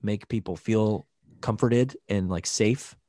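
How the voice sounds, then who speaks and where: Low, mellow man explaining casually. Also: takes it slowly, no echo, studio quality. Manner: explanatory, many fillers like "like" and "you know". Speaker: podcast co-host. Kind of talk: casual chat.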